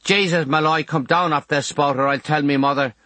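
A man's voice: on the high side, steady tone, brisk, bright, forceful tone, dry recording, voice pushed up. A man voicing a desperate teenage boy with a Limerick accent, crying and pleading while locked in. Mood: scolding. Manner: wailing, pleading.

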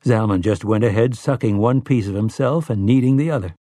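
Dry, measured male audiobook narrator. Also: on the low side, warm tone, dry recording. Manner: measured storytelling. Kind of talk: scripted narration.

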